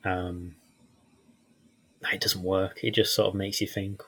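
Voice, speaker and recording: A man's voice: low-pitched, level tone, takes it slowly, long pauses, fairly bright tone, husky. A man, a podcast guest in casual film chat, chatty and given to laughing and acting out scenes. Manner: chatty, laughs often, acts out lines from films.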